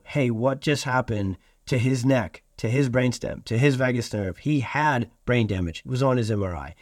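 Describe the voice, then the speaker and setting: A man's voice: mid-range voice, darkish tone, no echo, studio quality. A middle-aged man from Iowa hosting a podcast, speaking in an earnest, emphatic, almost preacher-like way. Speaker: podcast host. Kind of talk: podcast monologue.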